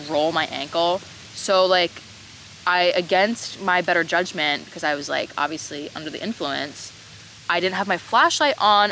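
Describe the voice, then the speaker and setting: A young woman in her twenties tells a story to camera, dramatic and loose, swearing and packing her sentences with "like". Her voice sits fairly low but sounds bright and forceful. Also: a little hiss or hum, low-quality recording. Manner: dramatic, heavy on "like" fillers and swearing. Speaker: vlogger telling a personal story. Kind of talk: casual storytime monologue.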